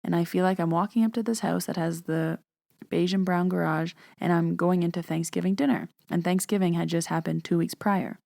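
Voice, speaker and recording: Young female storyteller, casual and chatty, lower pitch with vocal fry. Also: fairly even intonation, a little fast, mellow, no room sound, clean studio sound. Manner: chatty retelling, many "like" fillers. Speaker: podcast host and medium.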